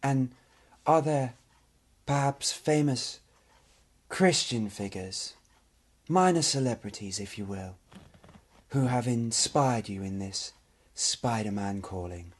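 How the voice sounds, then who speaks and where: A man playing a deadpan, husky TV reporter. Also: mid-range voice, takes it slowly. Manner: deadpan mock-earnest questioning. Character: mock-serious male TV field reporter. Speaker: interviewer. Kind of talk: comedy sketch interview.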